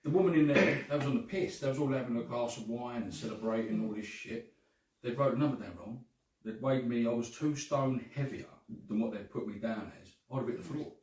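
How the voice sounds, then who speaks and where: A man's voice: mid-range voice, fairly quick, darkish tone. Chatty swearing man. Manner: swearing, chatty, says "right?" and "mate" a lot. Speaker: guest panellist. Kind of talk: casual chat storytelling. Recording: echoey room from far off, faint noise.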